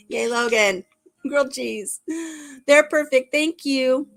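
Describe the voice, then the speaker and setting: An older woman hosts a casual live-stream chat as a vlogger, her voice sitting high, slow and often pausing. She's chatty, laughs easily and pokes fun at herself.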